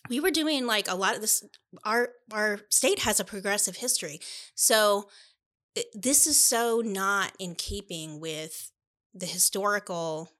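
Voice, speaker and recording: A woman's voice: medium pitch, a little slow, pushed and bright. A middle-aged woman from Iowa, co-hosting a casual podcast chat, earnest and chatty with lots of fillers. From Iowa, United States. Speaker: podcast co-host, bookstore owner.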